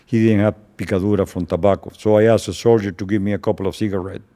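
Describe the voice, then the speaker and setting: Slow and solemn, an older man who grew up speaking Spanish tells an interviewer about a past event, stopping often and repeating words. His lowish voice is steady and dark.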